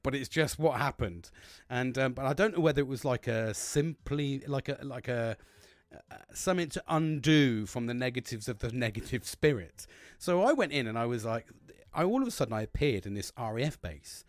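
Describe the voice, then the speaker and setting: A man's voice: mid-range voice, normal speed, no echo. A man hosting a podcast, telling a long story casually, rambling and swearing often. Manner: animated, heavy swearing, rambling with restarts. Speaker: podcast host.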